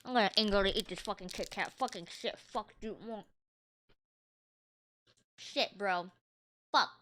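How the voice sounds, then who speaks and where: A woman streamer in casual chat, excitable and swearing a lot while reacting to a game. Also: mid-range voice, a little slow. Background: game music.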